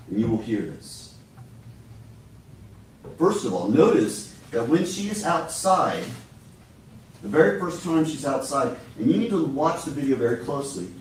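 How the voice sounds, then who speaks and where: A man's voice: mid-range voice, darkish tone, a little hiss or hum. A man giving a courtroom closing argument as prosecutor, speaking emphatically and persuasively, addressing the jury directly. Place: large courtroom. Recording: echoey courtroom from far off.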